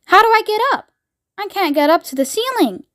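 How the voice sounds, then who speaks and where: A woman's voice: extremely high pitch, expressive, brisk, fairly bright tone, pitched above the performer's own voice. Charlie, a woman doing an anxious young boy. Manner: pleading, urgent.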